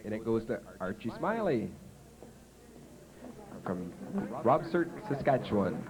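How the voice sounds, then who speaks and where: A man's voice: lowish voice, very animated, slow, noisy background. A man with a Canadian accent emceeing a festival on stage, telling jokes and announcing winners in a folksy, punning way. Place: outdoor small-town festival stage. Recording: home video with festival crowd.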